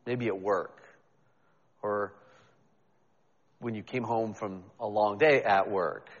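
A man's voice: lowish voice, steady tone, slow pace, in a large hall, muffled recording. A man preaching a sermon as pastor, talking in a conversational, self-deprecating way with frequent restarts.

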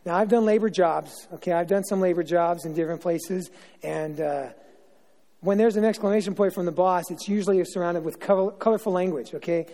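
A middle-aged man preaches in a loose, joking way, breaking off for asides. His voice sits high but sounds mellow and dark. Long reverb trails off every word in a big church hall. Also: brisk. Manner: chatty, self-interrupting, jokey asides. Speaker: pastor. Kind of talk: informal joking sermon.

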